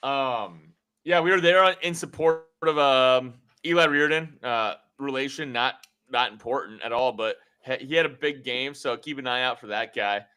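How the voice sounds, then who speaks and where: Bright-voiced guy hosting a podcast. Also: medium pitch, normal speed, clean tone. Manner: rambling, joking, lots of fillers. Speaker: podcast host. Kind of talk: casual sports podcast chat. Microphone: podcast mic.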